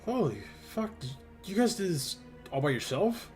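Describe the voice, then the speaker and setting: A man voicing Cal, a young male town guard who is loud, brash and swears freely. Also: mid-range voice, lively intonation, moderate pace, faint music behind, close to an everyday voice. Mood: startled.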